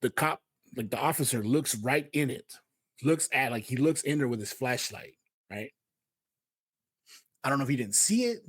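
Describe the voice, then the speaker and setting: A man's voice: medium pitch, animated, normal speed, pauses often, slightly rough, no echo. A man from Houston, hosting a casual Bible message and talking in a slangy, conversational way full of fillers. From Houston, Texas. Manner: slangy and conversational, fills with "man", "yo", "you know what I mean". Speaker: host.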